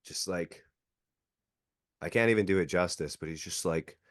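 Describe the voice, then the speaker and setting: Guy in his thirties, low voice, chatty storyteller who leans on "like" and acts out quotes. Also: a little slow, long pauses, dry recording, clean studio sound. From Canada. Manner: filler-heavy, acts out quotes. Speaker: podcast guest, jiu-jitsu coach. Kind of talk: casual storytelling.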